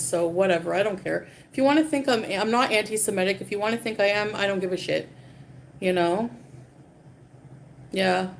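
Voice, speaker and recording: A woman's voice: medium pitch, a little hiss or hum. A woman livestreaming, ranting casually in a dismissive, profane and rambling way.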